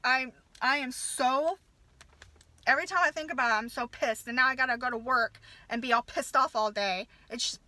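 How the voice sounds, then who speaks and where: A woman's voice: high-pitched, normal speed, bright, forceful tone, no echo. A mother ranting in a furious, profane casual rant, with stumbling restarts. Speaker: vlogger, mother.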